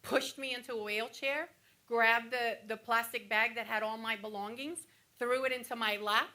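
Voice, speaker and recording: An actress playing a wounded woman patient on stage who recalls cruel nurses, teary and halting with flashes of wry humor. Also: on the high side, steady tone, pushed and bright. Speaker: stage actor playing a breast cancer patient. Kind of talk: theatrical monologue.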